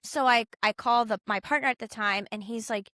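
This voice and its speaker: Young woman rambling through a story, bright voice, bit high, dry close mic, lots of like and you know. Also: a little fast, no room sound. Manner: chatty, heavy use of "like" and "you know", animated quoting of others. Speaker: podcast guest. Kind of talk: casual storytelling in an interview.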